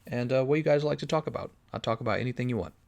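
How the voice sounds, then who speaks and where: A man's voice: mid-range voice, very fast, gravelly, a little mellow. A man streaming a game live, chatting casually, joking, thinking aloud and answering his viewers' questions. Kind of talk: casual live-stream commentary while playing.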